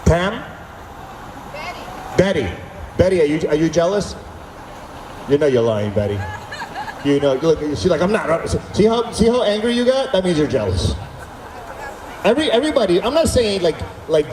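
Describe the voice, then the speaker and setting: A man doing stand-up comedy at an outdoor concert, telling animated stories and bantering with the crowd. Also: on the high side, normal speed, long pauses, background noise. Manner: animated storytelling, acting out dialogue with the crowd. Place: outdoor stage at a summer concert. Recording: echoey outdoor PA sound from far off.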